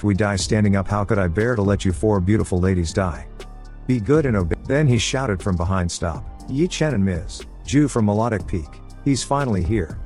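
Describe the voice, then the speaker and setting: A man reading a story recap as narrator, voicing every character himself in a flat read-through. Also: fairly low pitch. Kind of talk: scripted recap narration, voicing all roles.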